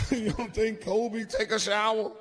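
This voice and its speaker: A stand-up comedian man with a high-set voice, speaking with loud, brash swings between low growls and shouts. Faint room noise sits under his set. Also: little pitch movement, a little slow. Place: comedy stage with live audience.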